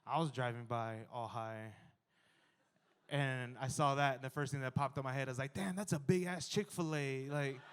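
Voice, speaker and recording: A man in his thirties performing a stand-up comedy set, animated and jumping to loud exclaiming in the acted-out bits. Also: mid-range voice, normal speed, clean tone. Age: 30s.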